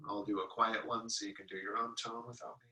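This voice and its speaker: Guy leading a meditation, calm and soft, long chanted tones, echoey room, mic kinda far off. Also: on the low side, fast talker. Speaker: meditation teacher. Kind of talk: guided healing-sound meditation.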